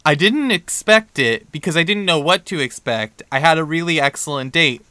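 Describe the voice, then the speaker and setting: A young man co-hosting a podcast, telling a story in a casual, animated way and acting out the dialogue. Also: a little high, moderate pace, clear, resonant tone, no room sound, studio quality. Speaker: podcast co-host.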